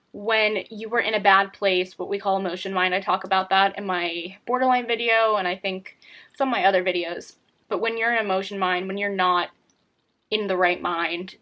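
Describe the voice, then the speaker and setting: A woman's voice: medium pitch, fairly bright tone. A young woman talking candidly to camera in a personal vlog, rambling with many fillers and restarts. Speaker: vlogger.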